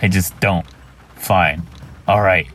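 A man's voice: low voice, steady tone, slow, a bit bright, heavily acted. A man voicing a haunted, bitter man who slides into terror, reading journal entries in a brooding, weary way. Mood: pleading.

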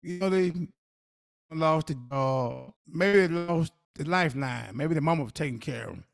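A man's voice: on the high side, moderate pace, vocal fry, dry recording, clean studio sound. A man co-hosting a podcast, giving earnest, preachy advice in casual talk. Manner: earnest, preachy advice with Southern Black vernacular. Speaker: podcast co-host.

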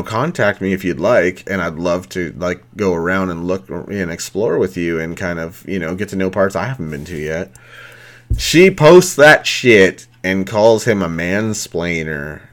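A man's voice: deep voice, lively intonation, measured pace. A middle-aged man hosting a podcast, ranting angrily with constant swearing and mocking voices. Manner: angry, heavy swearing, mocking quotes. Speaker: podcast host. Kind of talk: profane rant.

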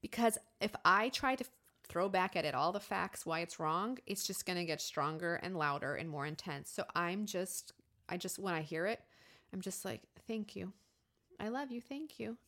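Openly sharing her life on her podcast, this host in her thirties tells lively, confessional stories, voicing her inner thoughts as characters. She speaks at a normal pace in a lowish voice.

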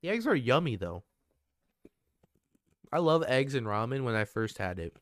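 A young man in his twenties co-hosting a casual podcast. He rambles loosely, restarts his sentences and swears offhandedly. His voice sits at an ordinary middle pitch, recorded dry and close with no room sound. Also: big pitch swings, moderate pace, no echo. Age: 20s. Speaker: podcast co-host.

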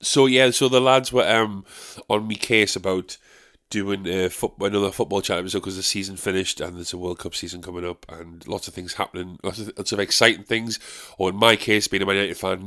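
A man's voice: sits low, fairly even intonation, a little fast, hardly any pauses, sharp tone. A young man hosting a podcast, rambling and swearing in casual chat. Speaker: podcast host.

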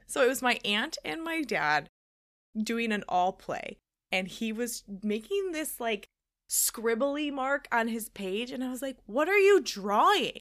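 High-voiced woman telling a lively story. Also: a little slow. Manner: animated storytelling, acts out quotes loudly. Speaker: podcast co-host. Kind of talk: casual chat.

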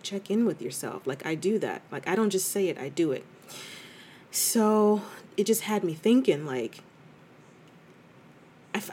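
A woman's voice: medium pitch, darkish tone, husky. A woman hosting a podcast, talking candidly and reflectively in a chatty way, with many fillers and restarts. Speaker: podcast host. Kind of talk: casual reflective monologue.

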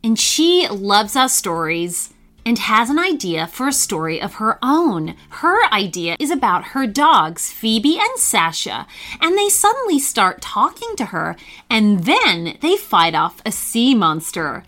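A woman host narrating a children's story in an animated storyteller manner. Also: on the high side, unhurried. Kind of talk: scripted narration.

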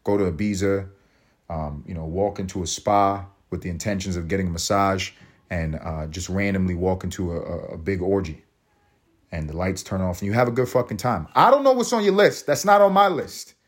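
Rambling, profane man with a low voice. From Puerto Rican family, raised in US projects. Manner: profane, rambling, laughs at own jokes; jumps to high excited pitch for emphasis. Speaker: podcast host. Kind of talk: solo comedic monologue.

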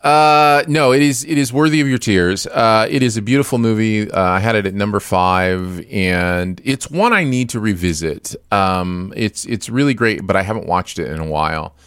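A man's voice: on the low side, animated, moderate pace, hardly any pauses, a bit bright, clear, resonant tone, no room sound, studio quality. A young man co-hosting a movie podcast, enthusiastic and affirming with a playful streak. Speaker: podcast co-host. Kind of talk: casual movie chat.

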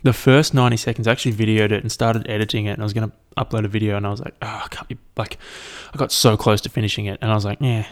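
Low gravelly rambling man. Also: flat delivery, racing, few pauses. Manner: rambling, sweary, self-deprecating. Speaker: podcast host. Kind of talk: casual solo podcast chat.

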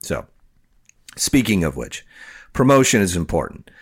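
A man with an extremely deep, low voice co-hosts a podcast in relaxed, unscripted chat. He rambles, restarts sentences and leans on fillers as he goes. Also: measured pace, breathy edge. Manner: rambling, self-correcting, lots of fillers. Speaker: podcast co-host.

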